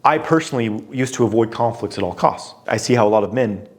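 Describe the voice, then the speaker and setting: A man coaching on relationships, speaking straight to the viewer at an ordinary mid pitch. His delivery is direct and conversational, and he often poses pointed questions. Frequent "you know" fillers run through his talk. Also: fast.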